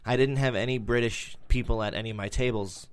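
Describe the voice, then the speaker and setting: A man's voice: medium pitch, steady tone, brisk, clean tone, no room sound. A man co-hosting a casual podcast chat, playful and jokey, slipping into impressions and silly accents between stories. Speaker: podcast co-host.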